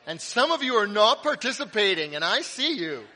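A middle-aged man delivering a sermon with a high, bright and forceful voice. He tells stories in a lively way and makes playful asides. His voice carries a long reverb through a church hall. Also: moderate pace. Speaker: pastor. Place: church sanctuary.

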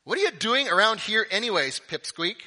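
A pastor voicing an angry young older brother, raised and contemptuous. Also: male voice, high-pitched, big pitch swings, fairly quick, in a large hall, voice pushed up, full character voice. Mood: scornful. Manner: shouting, contemptuous.

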